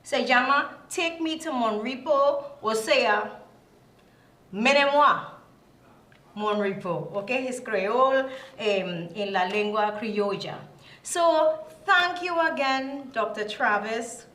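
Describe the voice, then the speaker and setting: Talk host, woman, fairly high voice, casual and chatty, flips between English and Spanish; roomy echo. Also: slow, fairly bright tone. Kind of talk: casual bilingual interview intro.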